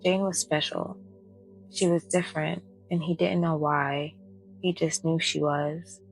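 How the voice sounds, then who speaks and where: A woman narrating a bedtime story in a soft, calm voice. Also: sits low, measured pace, vocal fry, soft background music, rough recording. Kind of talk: soft-spoken bedtime reading.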